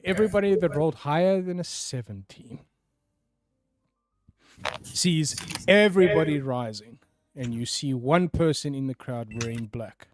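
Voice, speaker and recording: A man narrating a tabletop game as game master, often sinking to hushed tones for dramatic moments. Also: mid-range voice.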